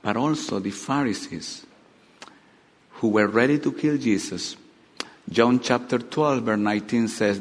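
Dramatic preacher in a reverberant hall. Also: male voice, medium pitch, unhurried, long pauses. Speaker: pastor. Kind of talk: sermon. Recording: long reverb of a large hall.

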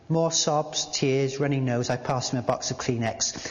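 A man preaching a sermon in a church, halting at times with fillers and restarts, and reading aloud from a book. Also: fairly high pitch. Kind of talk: sermon with a read-aloud story. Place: church hall. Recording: dull sound in a large reverberant hall.

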